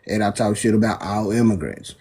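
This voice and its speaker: Man from the US, debate moderator, casual, dismissive, husky low voice. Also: fairly quick, a little mellow. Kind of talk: heated live debate.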